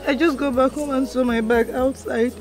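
An actress plays a young Nigerian orphan girl who pleads through tears, soft and high-voiced. Film score music plays under her lines. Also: fairly even intonation, moderate pace, natural voice. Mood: tearful. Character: young orphan woman begging forgiveness.

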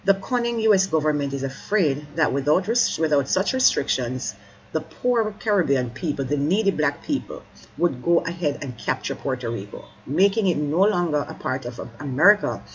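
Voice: mid-range voice, lively intonation, normal speed, rough recording. A teacher explaining a poem line by line, correcting slips and apologizing mid-sentence, and urging listeners to keep up.

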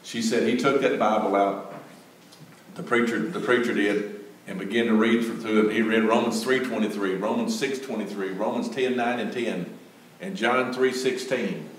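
A man's voice: fairly low pitch, fairly even intonation, moderate pace. An older man, telling a folksy testimony story as a church speaker. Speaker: Gideons speaker. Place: church sanctuary. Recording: echoey church from far off.

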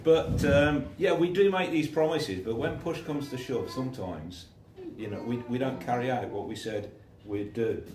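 A man's voice: mid-range voice, normal speed, hardly any pauses, crowd noise. A man preaching an informal sermon, telling stories and acting out the voices of the people in them. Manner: chatty, acts out the voices in his stories. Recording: echoey room, voice from a distance.

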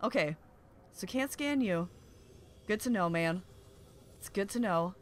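A young woman hosting a game playthrough, commenting excitedly and often gasping "oh my gosh" at what she finds. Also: medium pitch, measured pace, long pauses, a little hiss or hum. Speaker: gaming video host. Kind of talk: excited let's-play commentary.

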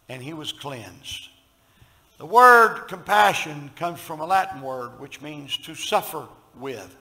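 A man with a Southern US accent preaching a sermon as pastor, swinging from loud emphasis to hushed storytelling and calling on the congregation to respond. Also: on the high side, animated, slow, low-quality recording.

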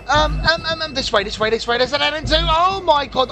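A man's voice: extremely high pitch, very animated, normal speed, low-quality recording. A man hosting a horror game playthrough, rambling nervously to viewers and panicking at scares. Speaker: gaming video host. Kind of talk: horror game let's play commentary. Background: game music.

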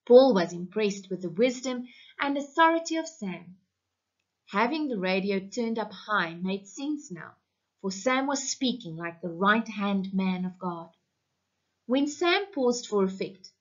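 During an online lesson, a South African woman teacher reads a story aloud to her class, telling it in a deliberate, expressive way. Her voice is mid-range, and the recording is muffled and lo-fi.

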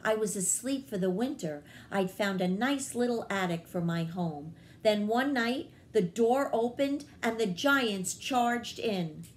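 A woman voicing a gentle, apologetic small male bat in a children's read-aloud, humble and pleading. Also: medium pitch, measured pace, few pauses, a little hiss or hum, pitched above the performer's own voice, close to an everyday voice.

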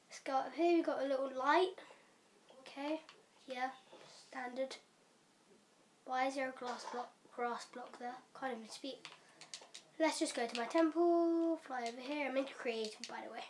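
Chatty high-voiced young woman. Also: a little hiss or hum. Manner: chatty and hurried, with fillers and quiet whispered asides. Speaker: gaming vlogger. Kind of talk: casual game walkthrough. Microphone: camera mic.

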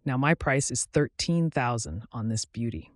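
A man reading the part of a friendly, talkative older motorcycle salesman in a story, with an easy sales-pitch manner. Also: expressive, moderate pace, no echo, clean studio sound, natural voice. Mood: chatty.

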